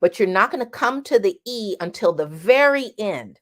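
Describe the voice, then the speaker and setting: A woman teaching a singing lesson, speaking directly and bluntly, and breaking off to sing drawn-out vowel sounds as demonstrations. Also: mid-range voice, expressive. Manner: sings vowel demonstrations between explanations.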